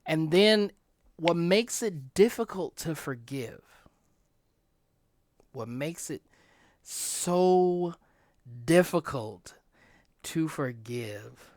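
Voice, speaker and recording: A podcast host ranting about something personal, swinging from quiet near-whispers to loud outbursts and often repeating phrases. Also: mid-range voice, expressive, dry recording, studio quality. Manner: repeats phrases, halting restarts. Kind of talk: emotional personal rant.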